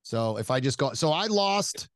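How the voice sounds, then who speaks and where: A man hosting a casual chat, telling stories in an animated, self-mocking way, swearing freely and laughing often as he talks. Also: mid-range voice, moderate pace, no echo, studio quality. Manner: laughs often while talking. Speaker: podcast host.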